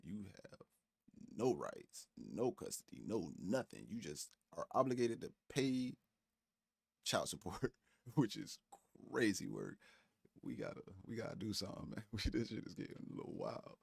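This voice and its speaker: Low gravelly man, animated stream commentary. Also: moderate pace, dry recording, studio quality. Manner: animated, profane, laughing asides. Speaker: stream co-host. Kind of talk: casual commentary.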